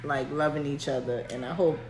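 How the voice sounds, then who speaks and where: A woman's voice: low voice, steady tone, a little fast, over music. A woman co-hosting a podcast, talking bluntly and scolding her co-host. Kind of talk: casual banter. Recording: echoey room.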